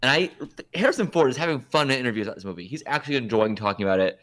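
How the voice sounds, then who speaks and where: A man's voice: mid-range voice, animated, racing, a bit bright. A man co-hosting a podcast, chatting casually and rambling through his opinions, often correcting himself mid-sentence. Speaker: podcast co-host. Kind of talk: casual chat.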